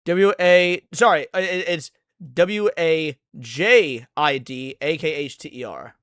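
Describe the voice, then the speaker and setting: A man's voice: a little high, takes it slowly, fairly bright tone, smooth, no echo, studio quality. A man hosting a casual commentary show, making sarcastic, mocking asides and answering questions from chat. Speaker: host.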